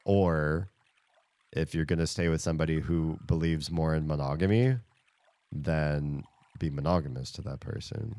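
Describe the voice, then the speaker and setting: A man's voice: a bass voice, normal speed, mellow, no echo. A man streaming a rhythm game, chatting casually and thinking aloud between plays, often chuckling. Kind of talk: casual chat while gaming. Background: faint game music.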